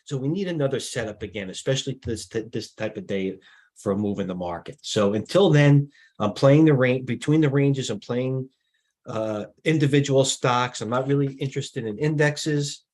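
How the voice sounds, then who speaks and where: A man's voice: mid-range voice, moderate pace, a little mellow, rough recording. A middle-aged man hosting a live stock market stream, commenting off the cuff with rambling asides and restarts.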